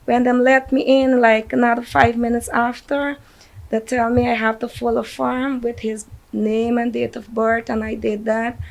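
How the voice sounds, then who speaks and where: A grieving mother with a Guyanese accent, telling a news reporter what happened in a halting, distraught voice. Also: a little high, level tone, creaky, low-quality recording. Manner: distraught, halting retelling with shaky drops in volume. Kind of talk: emotional news interview.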